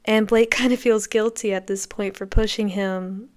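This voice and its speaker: A woman's voice: medium pitch, steady tone, normal speed, darkish tone. A woman hosting a podcast, giving enthusiastic, conversational commentary as she reacts to a film. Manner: enthusiastic, conversational, reacting to scenes as they play. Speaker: podcast host.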